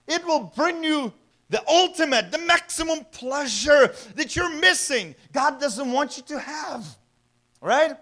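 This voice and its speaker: A male pastor delivers a sermon in a strikingly high, bright voice. His style is conversational, throwing rhetorical questions at the congregation and chuckling as he goes.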